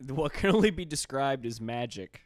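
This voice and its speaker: A man who is a comedian guesting on a podcast, making deadpan absurd jokes in casual chat and laughing at his own lines. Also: mid-range voice, fairly quick, no echo, studio quality.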